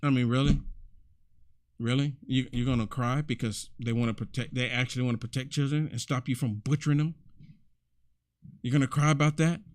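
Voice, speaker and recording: A man's voice: mid-range voice, steady tone, fairly quick, pauses often, no room sound. A man hosting a commentary video, preachy and exclamatory, often repeating himself as he reacts to clips. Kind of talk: indignant commentary over clips.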